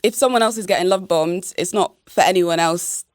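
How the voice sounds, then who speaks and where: A woman's voice: lowish voice, brisk, dry recording, clean studio sound. A woman in a casual group podcast chat, speaking in a confident, opinionated way.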